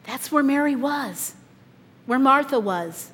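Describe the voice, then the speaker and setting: A woman preaching a sermon, telling the story dramatically, her voice swelling loud and dropping soft. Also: a little high, measured pace, breathy edge. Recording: long reverb in a large hall.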